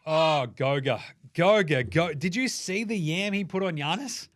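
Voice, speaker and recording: An Australian man hosts a sports show in an excitable, joking manner, swearing freely as he runs through the highlights. His voice sits a little on the high side for a man. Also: normal speed. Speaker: podcast host. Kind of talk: energetic sports commentary.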